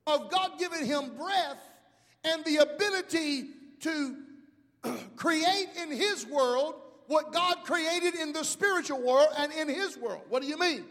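A middle-aged male pastor preaching a sermon, calling out to the congregation and rising into shouts. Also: very high-pitched, long reverb tail. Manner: preaching with call-outs to the congregation.

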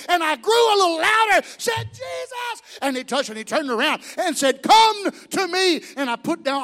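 A man preaching in the voice of a healed blind beggar who shouts and pleads to be heard. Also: very high-pitched, voice pushed up, full character voice. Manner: shouting and pleading, then testifying. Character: formerly blind old beggar man, loud and desperate.

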